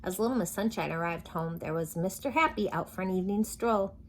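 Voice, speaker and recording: A woman reading a storybook aloud to children in a slow, expressive way. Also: mid-range voice.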